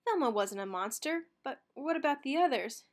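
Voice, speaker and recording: A woman narrating a children's picture book read-aloud with expressive storytelling. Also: sits high, moderate pace.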